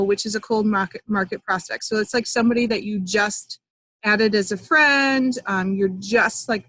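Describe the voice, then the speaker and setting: A woman's voice: fairly high pitch, fairly bright tone, dry recording, rough recording. A young adult woman coaching network marketers on a live online call, chatty and upbeat, with fillers and little acted-out sample dialogues.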